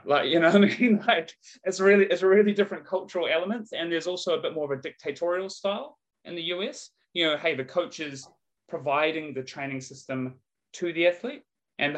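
A man, a strength coach chatting on a podcast in a relaxed, rambling way. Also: on the high side, moderate pace, rough recording. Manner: relaxed, chatty, lots of fillers and "mate". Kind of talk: casual podcast conversation.

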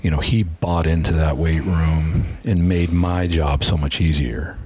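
A man's voice: very deep voice, little pitch movement, a little slow, mellow, slightly rough. A middle-aged man, a strength and conditioning coach, earnestly telling career stories in an interview and acting out past conversations. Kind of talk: casual interview storytelling.

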